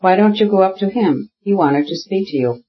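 A man voicing an older, courteous aristocratic father with a dry, gently ironic manner and a husky voice. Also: sits high, expressive, fairly quick, pitched above the performer's own voice. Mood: wry. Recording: dull lo-fi audiobook recording.

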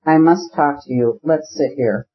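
A man reading the part of an anxious woman who pleads earnestly for her friend. The reader keeps his own fairly high male voice for her. The recording sounds dull and lo-fi. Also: a little slow, breathy edge. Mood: pleading. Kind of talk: audiobook character reading.

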